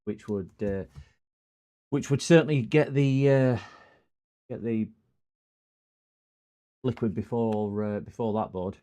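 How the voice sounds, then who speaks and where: A man's voice: on the low side, slow, pauses often, warm tone. A man with a broad Scottish accent chatting casually on a live stream while repairing computers, greeting viewers and rambling through stories. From Scotland.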